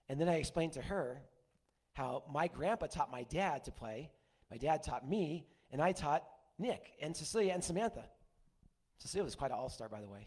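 A man's voice: medium pitch, a little mellow, husky. An older man preaching a conversational sermon, mixing scripture with folksy stories from his week. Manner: folksy storytelling with asides. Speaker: pastor.

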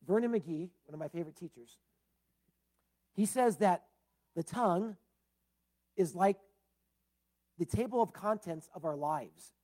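A middle-aged man preaching a conversational Bible-teaching sermon in a relaxed, plain-spoken way, with frequent asides to his listeners. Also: high-pitched, measured pace, long pauses.

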